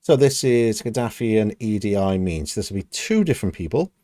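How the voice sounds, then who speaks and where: A British man talks through his reactions in a casual, rambling way, padding his thoughts with "you know." His voice sits low and mellow. The sound is dry and close. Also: lively intonation, a little fast, dry recording. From United Kingdom. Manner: rambling, thinking aloud with many "you know"s. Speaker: reaction video host.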